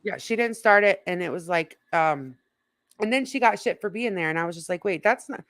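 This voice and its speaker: A woman with a lowish voice co-hosts a casual stream, chatting freely and swearing without a second thought. The sound is dry and close. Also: expressive, fairly quick, fairly bright tone, no room sound. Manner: chatty, reads and answers viewer comments, swears casually. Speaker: co-host. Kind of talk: casual live-stream chat.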